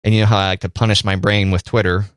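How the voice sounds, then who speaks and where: A man's voice: on the low side, little pitch movement, rapid-fire, smooth, no echo, studio quality. A man co-hosting a casual podcast chat, joking and speaking directly to the listeners. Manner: playful, addresses listeners directly. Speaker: podcast co-host. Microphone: studio microphone.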